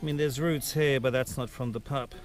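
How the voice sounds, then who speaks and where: A man's voice: mid-range voice, steady tone, fairly quick, soft background music. A man hosting a gardening video outdoors in his garden, chatting casually through a how-to with self-mocking asides.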